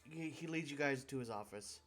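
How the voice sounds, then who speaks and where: A man's voice: mid-range voice, moderate pace, fairly bright tone, soft background music. A man running a tabletop game on a live stream, talking casually with many fillers and restarts. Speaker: game master.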